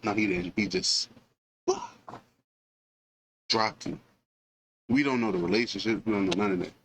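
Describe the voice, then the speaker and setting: A man casually retelling a film scene for a movie review, with animated storytelling full of fillers and asides. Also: on the low side, moderate pace, background noise.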